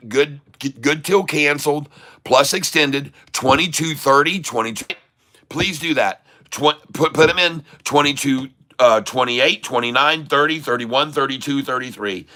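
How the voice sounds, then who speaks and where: A middle-aged man giving excited live commentary while day-trading, repeating prices rapidly and breaking into rhyming chants like a hype man. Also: mid-range voice.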